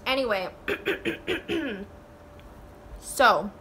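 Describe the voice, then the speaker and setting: Woman, twenties, casual storytime vlog, animated, swearing, filler-heavy, high pitch. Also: very slow, a little hiss or hum. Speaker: vlogger telling a story.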